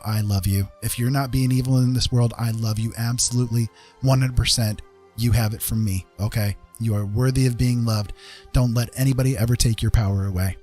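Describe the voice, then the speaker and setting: A man hosting a casual live-stream chat, earnest and reassuring, talking haltingly with many fillers and restarts. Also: medium pitch, a little mellow. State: getting a little emotional.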